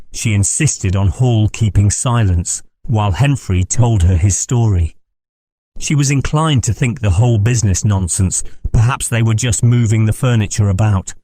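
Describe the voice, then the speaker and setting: A man narrating an audiobook in a measured, steady reading. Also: fairly low pitch, no room sound, studio quality.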